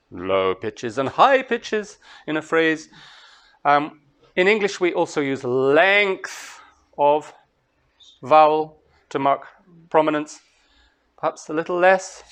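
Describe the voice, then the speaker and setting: A man from Scotland, a translator giving a master class, lecturing in a relaxed way, thinking aloud with fillers and small laughs. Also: a little high, smooth.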